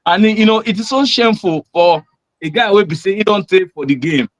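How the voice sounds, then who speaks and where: A man with a Nigerian accent rambles through a call-in, stacking fillers between his points. His voice sits a touch high. The sound is dry and close. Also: fairly quick, no room sound. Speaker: caller. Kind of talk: casual call-in commentary.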